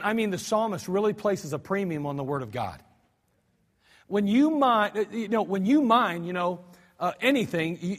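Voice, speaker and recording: A male pastor preaching a sermon, animated, acting out cries and mock cussing with frequent restarts. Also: sits high. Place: church sanctuary. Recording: archived service recording with long hall reverb.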